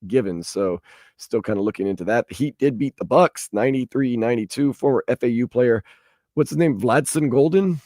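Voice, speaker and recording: A man's voice: mid-range voice, fairly quick, dry recording, clean studio sound. A man hosting a sports radio show, chatting casually and animatedly about headlines. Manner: chatty, animated, acts out quoted people in raised voices.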